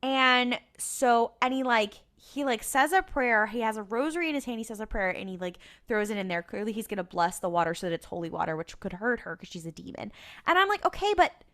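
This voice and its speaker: A woman's voice: fairly high pitch, lively intonation, a little fast, fairly bright tone. A woman co-hosting a podcast, recapping an episode in a casual, rambling way, full of fillers and cursing. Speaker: podcast co-host.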